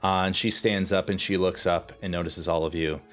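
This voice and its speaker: A man's voice: low voice, steady tone, brisk, faint music behind. A man narrating as game master for a live-streamed tabletop game, casual and full of fillers, speaking into a desk mic at home.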